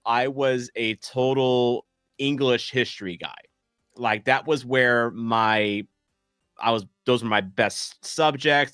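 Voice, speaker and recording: A man hosts a live watch-along, talking loosely to his viewers in a self-mocking, meandering way, stumbling through fillers and false starts. His voice sits at an ordinary middle pitch. The sound is dry and close, with no room around it. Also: sharp tone, clear, resonant tone, no room sound. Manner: rambling, self-deprecating, many fillers and restarts. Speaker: streamer hosting a soccer watch-along. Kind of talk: casual live-stream chat reading comments.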